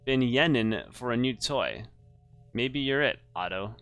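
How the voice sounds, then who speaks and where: A man's voice: mid-range voice, animated, unhurried, fairly bright tone, soft background music. Man playing a scrap-hungry flight captain, clipped slang, playful, sci-fi game.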